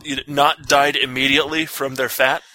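A man's voice: mid-range voice, little pitch movement, fairly quick, bright, forceful tone, low-quality recording. A man co-hosting a podcast, rambling casually with lots of "like" and crude jokes. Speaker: podcast co-host. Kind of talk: casual banter.

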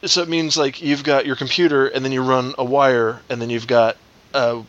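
A man's voice: mid-range voice, fairly even intonation, moderate pace, fairly bright tone, dry recording, dull audio. A man co-hosting a casual podcast, explaining technical things at length with fillers. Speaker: podcast co-host.

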